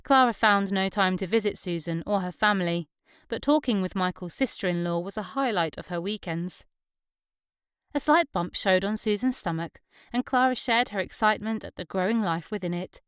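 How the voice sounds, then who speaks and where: A woman reads an audiobook in a steady, even way. Her mid-pitched voice is smooth and clear. The recording is close and dry, with no room around it. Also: normal speed, no echo. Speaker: audiobook narrator. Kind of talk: scripted narration.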